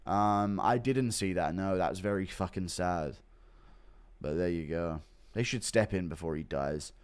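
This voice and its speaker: A man's voice: sits low, a little slow, clean tone. A man streaming casual commentary, reading out donations and reacting bluntly, swearing often and rambling with lots of fillers. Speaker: streamer reacting to MMA news.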